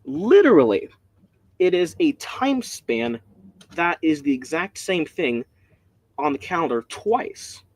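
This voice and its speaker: A man leading a casual Bible study, rambling and excitable, often breaking off mid-sentence, speaking from home. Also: a little high, takes it slowly, no room sound. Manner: rambling, excitable, self-interrupting.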